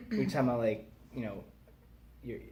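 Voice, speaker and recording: Male host, loose and animated, rambling chatty delivery, mid-range voice. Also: mid-range voice, moderate pace. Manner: animated, rambling, laughs at his own jokes. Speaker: podcast host. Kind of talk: casual chat.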